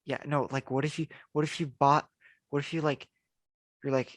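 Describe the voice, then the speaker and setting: A man's voice: fairly high pitch, flat delivery, moderate pace, pauses often, no echo. A man co-hosting a casual podcast chat, rambling with lots of fillers and frequent laughs. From United States. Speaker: podcast co-host.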